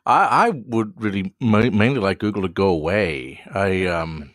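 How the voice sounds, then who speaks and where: A man's voice: low-pitched, fairly bright tone, no echo. A man with an Australian accent, a tech journalist guesting on a podcast, who stumbles and repeats words while making dry jokes. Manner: halting, repeats words often, dry humor. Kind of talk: casual podcast chat.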